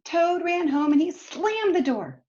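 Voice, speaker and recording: A woman teacher reading a storybook aloud to children, expressive and speaking to them directly. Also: very high voice, a little slow. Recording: dull lo-fi recording.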